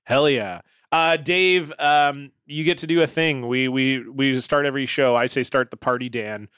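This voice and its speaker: A man's voice: medium pitch, normal speed, fairly bright tone, clean tone, dry recording, studio quality. A man co-hosting a podcast, chatting loosely with laughs and swearing. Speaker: podcast co-host. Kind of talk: casual podcast banter.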